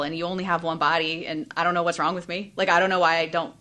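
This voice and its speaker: Candid woman coach, lowish voice. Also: little pitch movement, pushed and bright. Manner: open, emotional, speaks in quick bursts with fillers. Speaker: life and business coach, guest. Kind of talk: candid interview conversation.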